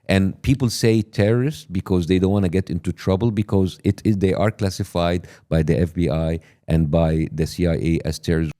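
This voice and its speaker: A man's voice: sits low, fairly even intonation, brisk, hardly any pauses, mellow. A man in a heated political discussion, pressing his point insistently and steering questions back to the big picture.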